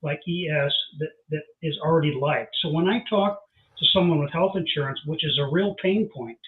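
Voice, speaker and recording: A plainspoken man called in as an insurance agent guest, explaining his points in a straightforward, practical way. His voice sits a bit higher than most men's. The audio is thin and phone-like, as if he is coming in over a call. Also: normal speed. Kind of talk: casual chat.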